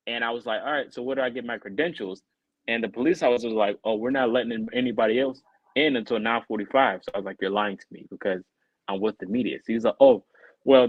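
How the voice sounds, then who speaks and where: A man co-hosting a podcast tells a long, casual story, jumping up in pitch whenever he acts out what someone said. His voice sits in a middle register. The sound is dry and close. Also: no room sound, lo-fi sound. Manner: animated, acts out quoted people in a raised voice. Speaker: podcast co-host.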